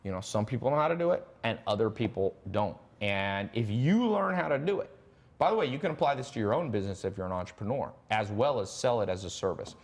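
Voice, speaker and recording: A man hosting a live online stream, pitching a business training program in a quick, animated, joking way. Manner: fast, animated pitching, jokes and laughs. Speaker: host.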